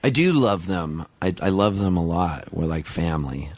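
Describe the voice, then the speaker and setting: Middle-aged guy, super deep voice, rambles excitedly, dry close sound. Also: dry recording. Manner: excitable, rambling, quick restarts. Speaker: musician guest. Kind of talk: casual radio interview chat.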